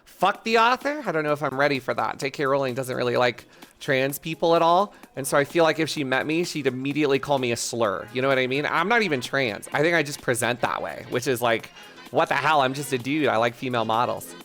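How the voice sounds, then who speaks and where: With a faint playlist of music behind him, a live-streaming man talks fast to viewers in a rambling, profane, self-deprecating way. His voice sits mid-range and sounds a bit bright.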